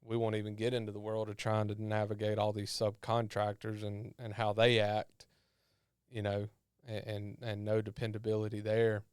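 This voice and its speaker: A man with a drawl tells his story in a low, smooth voice that barely rises or falls. He halts and repeats himself as he recounts it, and the sound is close and dry. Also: monotone, darkish tone, no echo. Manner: halting, repeats words when emotional. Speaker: podcast guest. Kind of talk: personal testimony storytelling.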